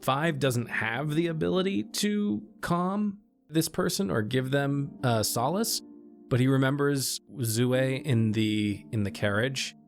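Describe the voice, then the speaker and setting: A man describing his character's actions at a tabletop game in a thoughtful, gentle way. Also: medium pitch, expressive, slow, faint music behind. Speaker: player.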